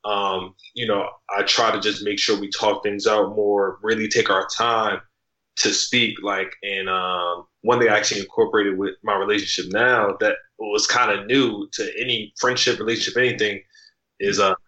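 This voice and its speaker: Bright-voiced man in roomy sound. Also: lowish voice, normal speed, dull audio. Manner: relaxed, rambling with many fillers and restarts. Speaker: podcast guest. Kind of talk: casual interview chat.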